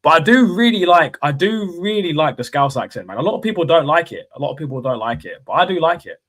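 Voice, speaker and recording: A man's voice: on the high side, expressive, fast, a bit bright, low-quality recording. A man with a London accent co-hosting a casual post-match fan stream, rambling, repeating himself and swearing casually. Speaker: fan channel co-host.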